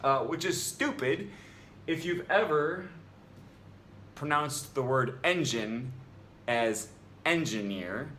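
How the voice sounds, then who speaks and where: A man's voice: mid-range voice, bright, forceful tone, slight background noise. A man making a rebuttal in a vlog about language, argumentative and exasperated, with frequent ums. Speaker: language vlogger.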